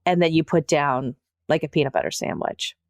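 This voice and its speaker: Low-voiced woman in a dry, close recording. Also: fairly quick, dry recording. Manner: sets up scenarios and prompts with questions. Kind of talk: podcast conversation.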